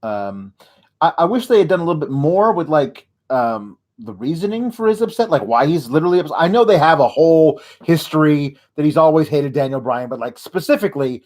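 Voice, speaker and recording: A man hosting a comedy wrestling recap, his voice sitting slightly high for a man. He rambles and rants sarcastically, tripping over restarts as he goes. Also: animated, darkish tone. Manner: rambling, sarcastic, halting with fillers. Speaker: host of a wrestling recap show.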